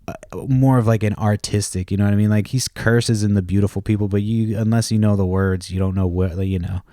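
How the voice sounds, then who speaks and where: Low-voiced man rambling on a podcast. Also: fairly even intonation, brisk, warm tone, dry recording, studio quality. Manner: profane, storytelling, lots of restarts and fillers; laughs at his own stories. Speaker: podcast host. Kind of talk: rambling casual chat.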